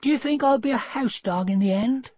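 A man voicing a young, clumsy, eager male puppy in a high, plaintive whine, on a dull, dry lo-fi recording. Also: brisk, a little mellow, husky, no room sound. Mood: hopeful.

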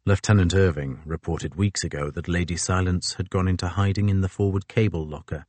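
A man reading a novel aloud as the narrator, in a measured, even storytelling manner on a close microphone. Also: low voice, dry recording. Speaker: audiobook narrator. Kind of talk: scripted narration.

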